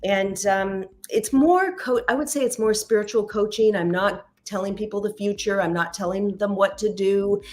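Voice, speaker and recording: A woman's voice: medium pitch, moderate pace, hardly any pauses, a little mellow. A middle-aged woman, a matchmaker and intuitive reader, chatting as a podcast guest and acting out quoted dialogue as she tells stories. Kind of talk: casual interview storytelling.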